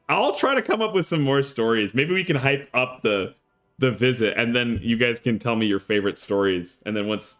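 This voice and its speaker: A man streaming a game, chatting casually with an animated, rambling storytelling manner. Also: mid-range voice. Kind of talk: casual chat while playing a game. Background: faint game music.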